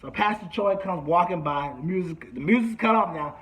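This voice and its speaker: A man with a fairly high voice tells a story from his own life. He is lively, acting out the people he quotes with sudden shouts and hushed asides. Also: a little fast. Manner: acts out quotes, shouting and whispering. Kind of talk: animated storytelling.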